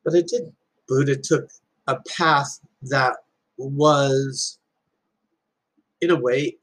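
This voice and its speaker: In a poorly recorded clip, a man with a slightly high, somewhat bright, slightly rough voice shares life advice. He's an adult with children, and his motivational talk is earnest and reflective, built on storytelling and parables.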